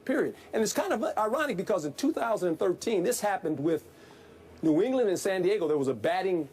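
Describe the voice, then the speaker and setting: A man, a former football coach, giving animated, folksy analysis in a sports debate and hammering the same point again and again. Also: high voice, fast, breathy edge.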